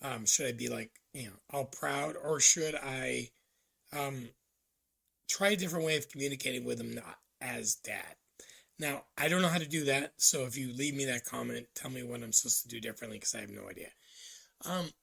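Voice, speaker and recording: Gravelly, raspy man musing aloud. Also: mid-range voice, pushed and bright. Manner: halting, reflective, many ums and restarts. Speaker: vlogger. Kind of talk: casual personal vlog monologue.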